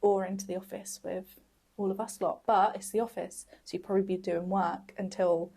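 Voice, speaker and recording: A woman's voice: medium pitch, little pitch movement, normal speed, gravelly, warm tone, slightly rough. A young woman co-hosting a casual chat, thinking aloud and laughing often. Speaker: co-host.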